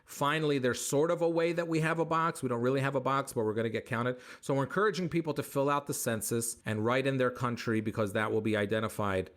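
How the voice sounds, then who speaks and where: A comedian man answering interview questions with animated, joking stories, acting out bits of dialogue. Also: mid-range voice, fast, hardly any pauses. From United States. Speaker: comedian guest.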